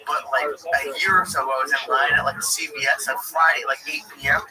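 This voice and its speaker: Quick, chatty man in casual talk. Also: mid-range voice, fairly even intonation, recorded from a distance, a crowd in the background, rough recording. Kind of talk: casual chat.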